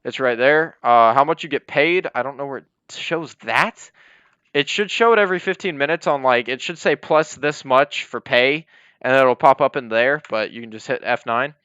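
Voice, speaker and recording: A man's voice: medium pitch, normal speed, bright, forceful tone, smooth, dry recording. Rambling young man on a dry mic. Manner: rambling, apologetic, many fillers. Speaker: roleplay server police department leader. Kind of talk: casual gameplay walkthrough. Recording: dry, slightly dull lo-fi mic.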